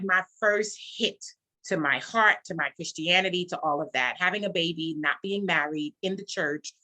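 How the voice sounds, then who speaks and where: A woman gospel singer and songwriter, guest in an interview, telling her story earnestly and acting out the conversations she recalls. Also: on the low side. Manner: earnest, animated storytelling, acts out quoted dialogue. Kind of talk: casual interview, personal testimony.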